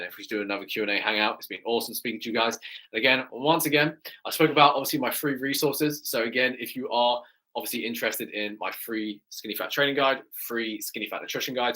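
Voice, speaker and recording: A man's voice: mid-range voice, sharp tone. A man with an English accent, a fitness coach chatting enthusiastically with viewers on a live stream Q&A, often tagging his sentences with "right?".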